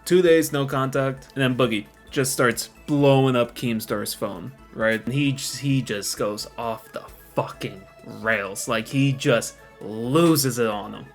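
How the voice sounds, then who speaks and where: A man's voice: mid-range voice, measured pace, hardly any pauses, soft background music. A man giving casual commentary on online drama, swearing and correcting himself as he goes.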